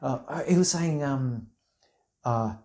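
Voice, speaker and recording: A man in casual conversation about a film, thoughtfully recounting scenes and sometimes quoting lines in a flat, even voice. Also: mid-range voice, slow.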